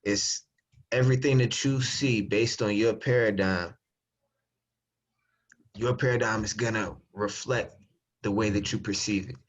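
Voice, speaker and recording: A man's voice: on the low side, a little slow, long pauses. A man giving a conversational motivational talk on a group call, explaining his idea step by step. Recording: muffled lo-fi call audio.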